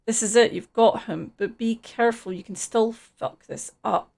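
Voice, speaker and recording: A woman's voice: a little high, moderate pace, gravelly, a little mellow. A woman casually reading game text aloud and chatting through a live gameplay stream, swearing freely.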